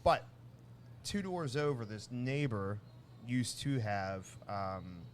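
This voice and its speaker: A man co-hosting a casual podcast, telling a long family story with many restarts and lively acted-out bits. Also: medium pitch, slow, a little hiss or hum. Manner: rambling, restarts often, animated when telling a story. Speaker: podcast co-host.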